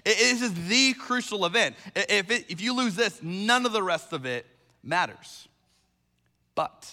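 Lively, bright-voiced preacher man in a hall. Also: high voice, a little slow. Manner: animated, emphatic, with repeated phrases. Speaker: pastor. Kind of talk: sermon. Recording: long reverb of a large hall.

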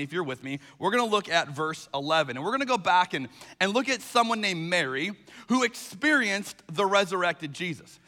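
A man preaching a sermon as pastor, animated and emphatic, building his points through repeated phrases. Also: high-pitched. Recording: long reverb of a large hall.

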